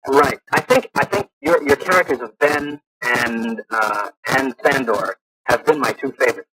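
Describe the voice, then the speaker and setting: A male radio host asks his questions eagerly, stumbling and restarting as he goes. His pitch sits in the middle range. The old broadcast carries a clear crowd murmur behind him. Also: poor audio. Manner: eager, halting, many restarts. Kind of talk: casual interview.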